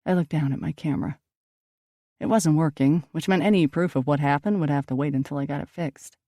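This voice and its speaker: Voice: medium pitch, brisk, mellow, no room sound, studio quality. An audiobook narrator reading a first-person ghost story, turning dramatic at tense moments.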